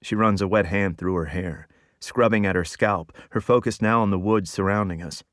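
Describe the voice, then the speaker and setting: A young man reads a first-person audiobook. His voice sits low, and his delivery is quiet and persuasive. The recording is close and dry. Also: moderate pace, dry recording. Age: young adult. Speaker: audiobook narrator.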